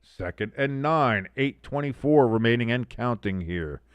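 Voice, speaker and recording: A man's voice: medium pitch, expressive, a little slow, smooth, no room sound. A man in his thirties streaming a watch-along, calling the plays himself, reading chat aloud and swearing freely when his team stumbles. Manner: profane, exasperated, swearing freely. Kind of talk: live play-by-play commentary with chat reading.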